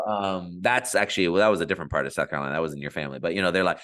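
A man's voice: low voice, racing, hardly any pauses. A man, a pastor, chatting casually and playfully. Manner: playful, lively, trying out accents. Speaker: pastor and guest. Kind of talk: casual chat.

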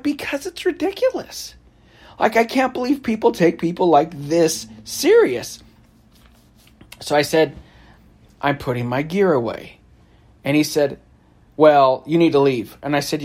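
A man's voice: a little high, normal speed. A man telling a story from his travels in a casual, wry way, often laughing and acting out the back-and-forth. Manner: laughs often, animated storytelling with quoted exchanges; sarcastic, wry.

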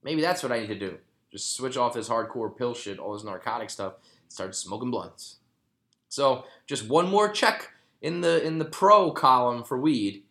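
A man's voice: medium pitch, animated, normal speed, sharp tone. A man in his thirties hosting a casual news commentary show, rambling and joking with plenty of profanity. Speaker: host.

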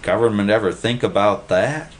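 A man's voice: fairly low pitch, moderate pace, slight background noise, close to an everyday voice. A man voicing a chattering, fretful male busybody in a storybook reading. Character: worried chattering male office nuisance.

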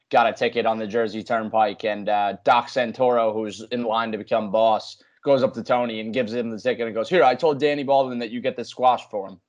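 A man co-hosting a casual podcast, easygoing and quick to laugh along. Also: fairly low pitch, dull audio. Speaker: podcast co-host. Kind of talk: casual chat.

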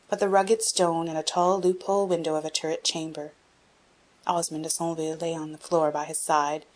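A woman reading a classic children's novel aloud in even, measured narration. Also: sits low. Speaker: audiobook reader. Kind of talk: scripted narration.

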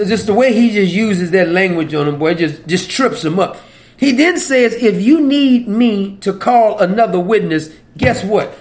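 A man giving an informal Bible teaching, animated and folksy, laughing often between verses. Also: high voice, unhurried.

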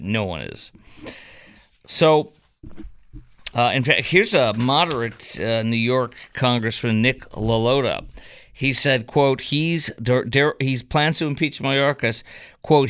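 A man's voice: medium pitch, a bit bright, clean tone. A man hosting a radio call-in show, talking emphatically and indignantly with plenty of fillers into a studio microphone. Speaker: radio talk show host. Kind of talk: talk radio commentary and call-in.

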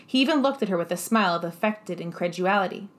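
With a lowish voice, a woman narrates a classic novel as an audiobook reader. Her scripted delivery is measured and expressive.

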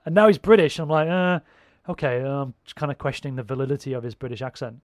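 A man's voice: mid-range voice, animated, very fast, a little mellow, no room sound, clean studio sound. A man in casual chat, rambling and swearing freely as he talks.

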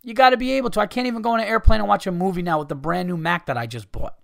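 A podcast host rants casually, swearing freely and sounding exasperated. His voice is gravelly and sits somewhat high for a man. The recording is dry and close to the mic. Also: very fast, fairly bright tone, dry recording. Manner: profane, exasperated. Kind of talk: casual ranting monologue.

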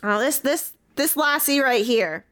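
A woman's voice: high-pitched, unhurried, a bit bright. A woman playing an eccentric, rambling sheep farmer in a put-on pirate-like English accent, improvising a comedy sketch. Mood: folksy. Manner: rambling, folksy, trailing off mid-sentence.

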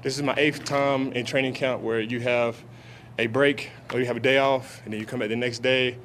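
Halting man answering press questions. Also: medium pitch, fairly even intonation, a bit bright, a little hiss or hum. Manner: halting, many restarts and fillers. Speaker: football player. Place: outdoor training camp media scrum.

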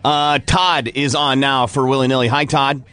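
A man's voice: medium pitch, steady tone, moderate pace, pushed and bright, clean tone, no echo. A man hosting a morning radio show in casual chat, upbeat and taking listener calls. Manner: upbeat, laughs easily, takes calls.

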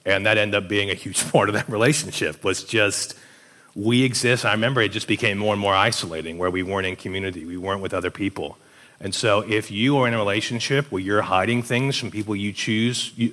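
A young man giving casual relationship advice, telling stories and acting out the voices of people he quotes. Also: on the low side. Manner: animated storyteller, acts out quoted voices. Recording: long hall reverb.

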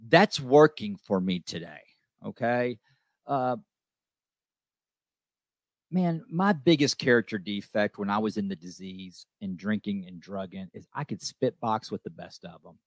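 A man's voice: lowish voice, measured pace, dry recording. Male host, recovery talk, earnest and emphatic, repeats himself for effect; dry close-miked sound. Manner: emphatic, repeats lines, says "okay?" often.

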